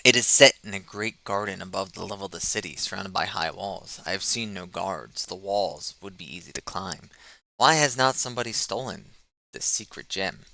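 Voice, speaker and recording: Young barbarian outlander, voiced by a man, audiobook, blunt, direct, bright, dry recording. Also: sits low, moderate pace, creaky, no echo, full character voice, rough recording. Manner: plain, blunt questions. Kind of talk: audiobook character reading.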